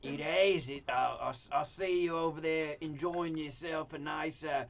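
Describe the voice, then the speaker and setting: A man's voice: fairly high pitch, steady tone, moderate pace, vocal fry. A man putting on a crude, blokey Australian movie star with a slightly raised voice, stumbling over his words. The sound is dull and muffled. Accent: put-on Australian. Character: crass Australian male movie star, middle-aged.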